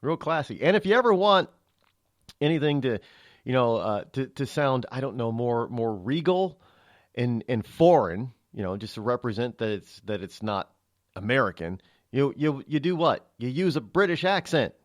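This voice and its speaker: A man's voice: mid-range voice, animated, normal speed, no echo. A man hosting a talk radio show from a studio, rambling through a monologue with many restarts and fillers. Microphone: studio mic.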